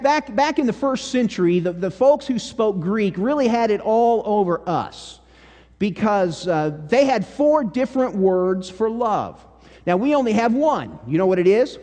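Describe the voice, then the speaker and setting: The reverberant acoustics of a church hall carry a sermon from a pastor with a high-sitting male voice. His preaching is folksy storytelling, and his voice falls to a hush whenever the material turns serious.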